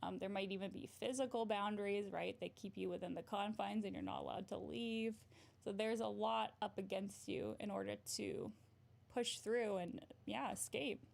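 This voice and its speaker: A woman's voice: medium pitch, steady tone, normal speed, gravelly, a little mellow. A young adult woman, a therapist, giving casual advice on a livestream, often ending points with "right?" and laughing. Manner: frequent "right?" tag questions, laughs often.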